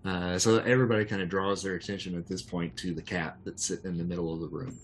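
Deep-voiced man narrating a tabletop game. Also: level tone, a little hiss or hum. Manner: slow, halting, filler-heavy. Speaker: game master.

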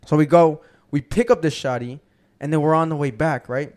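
Young guy rattling off a story real quick, kinda high voice, swears a lot, acts out what people said. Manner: profane, animated storyteller who acts out quotes. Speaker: podcast host. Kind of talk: casual storytelling chat.

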